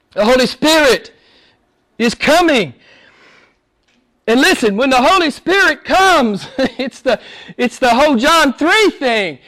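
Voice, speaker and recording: A male pastor preaching a sermon, swinging between loud exhortation and hushed whispers, with laughs between points. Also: very high voice.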